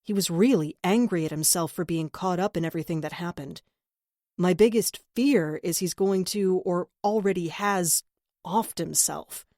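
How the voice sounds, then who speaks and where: A woman's voice: fairly low pitch, moderate pace, darkish tone, no echo, clean studio sound, natural voice. A woman reading the part of a troubled male police officer in an audiobook, heavy-hearted and subdued. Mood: worried. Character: troubled male cop, worried about his brother.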